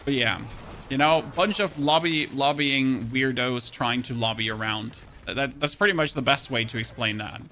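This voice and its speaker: A man's voice: medium pitch, normal speed, pushed and bright, a little hiss or hum. A man from Germany chatting casually while streaming a game, rambling and often repeating words as he thanks subscribers. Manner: reads out and thanks chat subscribers. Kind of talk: casual live-stream chat while gaming.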